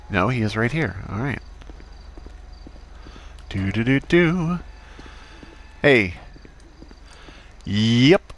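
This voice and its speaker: A man's voice: medium pitch, expressive, drawn-out words, pauses often, a little hiss or hum. A man streaming a crime roleplay game as a doctor character, chatting in character with a dry, sarcastic manner.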